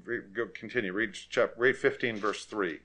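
A man's voice: fairly low pitch, normal speed. Emphatic male preacher. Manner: emphatic, rises to forceful repetition. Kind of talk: sermon.

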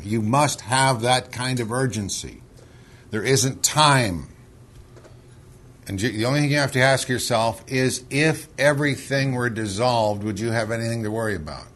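A man's voice: medium pitch, fairly bright tone. A man leading a Bible study, reading scripture and then pressing his point with urgency, often repeating words. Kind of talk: scripture reading and heated discussion.

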